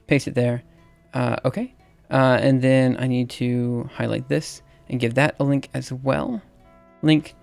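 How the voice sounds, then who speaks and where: A man's voice: mid-range voice, creaky, darkish tone, clear, resonant tone. A man in his thirties from Alabama with a Southern accent, chatting casually on a livestream as he types, hesitant and full of fillers. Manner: halting, filler-heavy, laughs at himself. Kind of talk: casual livestream chat while typing. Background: faint music and keyboard typing.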